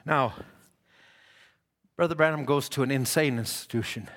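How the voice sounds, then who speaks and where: A man's voice: medium pitch, moderate pace, a bit bright. A man preaching a sermon in church, telling stories and acting out the quoted dialogue.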